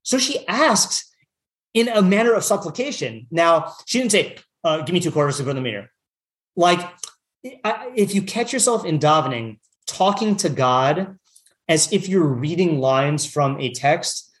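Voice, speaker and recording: A man leads a relaxed study session, reading old texts aloud and then translating them. His voice sits a touch high, and he talks in a loose, chatty way full of "like" and restarts. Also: unhurried. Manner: chatty, full of fillers, reads Hebrew text then translates. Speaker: Torah teacher. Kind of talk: casual text study class.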